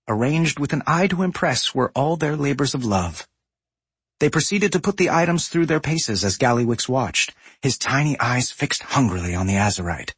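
Male audiobook narrator, lively expressive pitch, husky breathy tone, dry close sound. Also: moderate pace, no room sound. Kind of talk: scripted narration.

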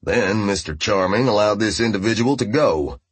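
A man doing a curt, gruff handler. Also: lowish voice, animated, normal speed, no room sound. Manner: curt, coded speech.

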